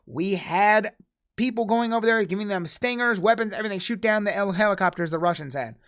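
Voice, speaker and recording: An American streamer ranting angrily into a desk microphone while reacting to a video, cursing freely and swinging between loud outbursts and low mutters. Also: female voice, a little fast. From United States. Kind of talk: angry casual rant.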